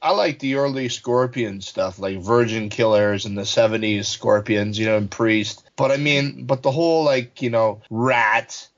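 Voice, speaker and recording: A man co-hosting a casual podcast chat, an animated, rambling storyteller on a dull, lo-fi recording. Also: medium pitch, a little slow, few pauses. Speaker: podcast co-host. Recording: dull lo-fi sound.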